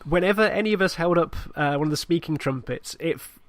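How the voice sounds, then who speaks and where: Animated young man telling a gaming story. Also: a little high, fast, no echo. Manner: animated storyteller, acts out voices. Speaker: podcast co-host. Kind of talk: casual chat recounting a game session.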